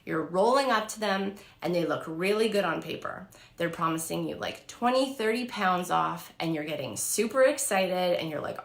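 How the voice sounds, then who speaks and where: A woman's voice: on the low side, expressive, moderate pace, few pauses, reverberant. A woman in her thirties telling a story to camera in a casual, chatty way, full of fillers and acted-out quotes. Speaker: vlogger and diet coach.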